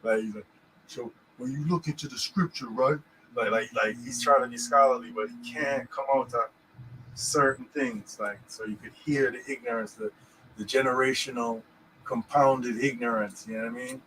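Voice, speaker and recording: A man's voice: medium pitch, fairly even intonation, normal speed, bright, forceful tone, a little hiss or hum, low-quality recording. A man co-hosting a casual podcast about scripture, rambling and checking in with "you know what I'm saying". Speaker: podcast host.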